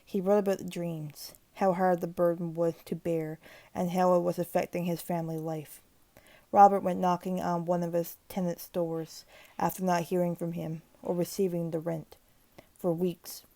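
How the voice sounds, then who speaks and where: A woman reading a creepypasta aloud in a steady, grim narration with occasional restarts. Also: fairly low pitch, moderate pace, no room sound. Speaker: horror story narrator.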